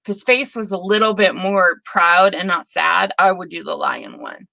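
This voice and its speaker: A middle-aged woman hosting a live stream, chatting and gushing excitedly over viewers' projects in a rambling way. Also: fairly low pitch, normal speed, gravelly, no room sound. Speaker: host.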